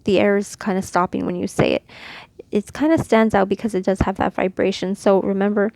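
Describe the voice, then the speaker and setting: Woman with a gravelly edge, teaching. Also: medium pitch, fairly even intonation, brisk, darkish tone, no echo. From Mexico. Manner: explains patiently, demonstrating sounds. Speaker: Quran reading teacher. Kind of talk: casual instructional lesson.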